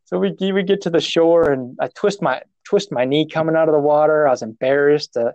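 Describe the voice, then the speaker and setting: A man with a slightly high voice tells a story in loose conversation. He rambles, restarts his sentences and laughs at his own embarrassment. The sound is dry and close. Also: fairly quick, a little mellow, dry recording, highs cut off. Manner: rambling, self-mocking, restarts often, laughs at himself. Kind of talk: casual storytelling.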